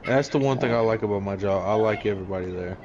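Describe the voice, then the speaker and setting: Man with a lower voice, laid-back chat, noisy recording. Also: rapid-fire, muffled recording. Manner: laid-back, agreeable storytelling about coworkers. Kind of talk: casual chat. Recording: audible background noise.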